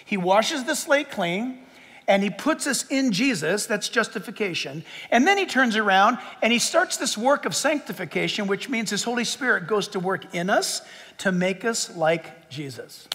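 A man preaching a sermon as pastor, emphatic and swinging between loud and hushed. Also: sits high, expressive, moderate pace. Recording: long hall reverb.

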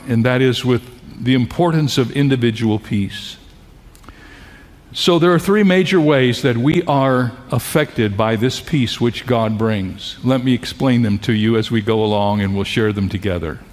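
Man preaching a sermon in a reverberant hall. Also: mid-range voice. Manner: earnest preaching, rising in intensity, leading the congregation. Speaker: pastor. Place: church sanctuary before a congregation.

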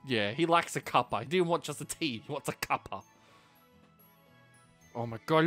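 An excitable man narrating a let's play in a casual, exclaiming way, with a very lively pitch that jumps all over. He swears and reacts loudly to what he sees. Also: normal speed, long pauses, no room sound, faint music behind. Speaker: gaming streamer.

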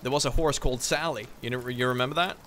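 A man's voice: mid-range voice, steady tone, quick pace, a bit bright, a little hiss or hum. A man hosting a gaming video, chatting playfully and teasing his co-player. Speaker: gaming channel host. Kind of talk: casual gameplay chat.

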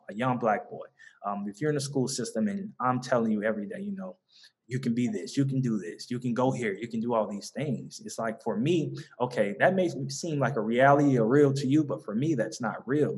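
Earnest young man with a Southern accent. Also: mid-range voice. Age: young adult. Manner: earnest, many fillers and restarts, laughs easily. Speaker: guest, mentoring organization founder. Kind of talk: conversational interview.

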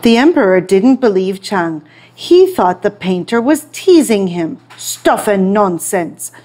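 A woman reads a picture book aloud for young English learners at a slow, deliberate pace. Her delivery is clear and expressive, shaping each sentence so a child can follow it. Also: mid-range voice. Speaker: English storytime teacher.

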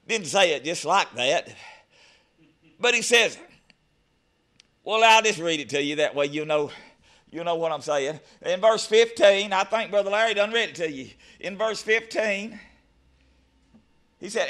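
A man preaching a fervent sermon, breaking into shouted exclamations. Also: very high voice, moderate pace.

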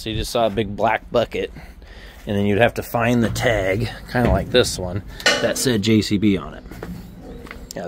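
A man's voice: lowish voice, a little hiss or hum. A man casually narrating an equipment dealer's vlog, chatty and self-joking, thinking aloud as he works around a yard and shop.

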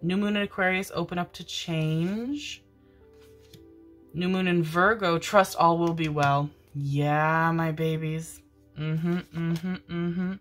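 A woman's voice: lowish voice, steady tone, takes it slowly, soft background music. A woman giving a casual tarot reading, chatty and affectionate, swearing freely as she goes. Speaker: tarot reader.

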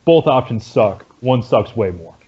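A man running a tabletop game as game master, describing scenes in a relaxed way. His voice sits in a middle register, and the recording sounds dull and lo-fi. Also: medium pitch, unhurried.

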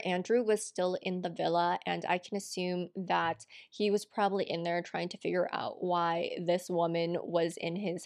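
A woman's voice: on the low side, no room sound, clean studio sound. A woman narrating a true crime case in a conversational storytelling way, adding her own asides.

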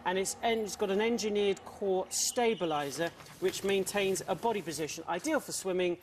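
A man's voice: high voice, normal speed, slight background noise. A young man presenting a live breakfast TV sports bulletin, self-mocking and chatty, a little out of breath.

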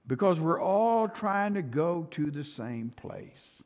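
Older man, Texan accent, pastor, passionate sermon, high-pitched, long hall echo. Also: very animated, normal speed, few pauses. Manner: impassioned, swings from hushed to loud, repeats words. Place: church sanctuary. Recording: long church hall reverb.

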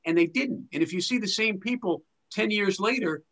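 A man's voice: sits high, normal speed, a bit bright. A man joining a casual group discussion over a video call, explaining his point in a wry way. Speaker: discussion participant.

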